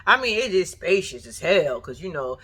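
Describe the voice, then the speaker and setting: A woman's voice: on the low side, big pitch swings, moderate pace, fairly bright tone, husky. Sassy, profane woman ranting. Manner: blunt, profane, sassy, talks straight at the TV figure. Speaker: reaction vlogger. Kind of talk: casual reaction commentary.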